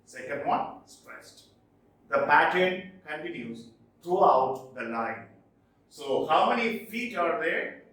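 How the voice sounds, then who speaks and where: A man teaching English poetry in a classroom lecture, speaking slowly and deliberately and tapping out stressed and unstressed syllables. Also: on the high side, lively intonation, a bit bright, far from the mic. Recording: very echoey room, voice off-mic.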